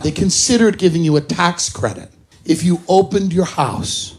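A man with a slightly high voice runs through a stand-up bit with dry, exasperated punchlines. He is recorded live in a club, and a clear hiss of noise sits under his voice. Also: animated, moderate pace. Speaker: stand-up comedian. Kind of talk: stand-up comedy set. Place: comedy club stage.

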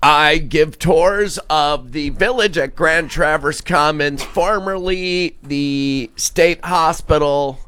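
Slow-talking man telling a rambling story. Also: a little high, pushed and bright, clear, resonant tone. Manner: rambling storyteller, restarts and hedges. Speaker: radio cohost. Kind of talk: morning radio banter.

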